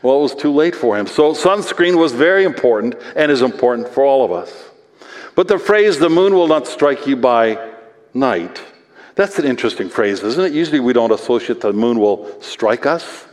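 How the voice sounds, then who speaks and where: A pastor giving a sermon, reading scripture aloud and then explaining it in an earnest, conversational way. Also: male voice, medium pitch, expressive, normal speed. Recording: long hall reverb.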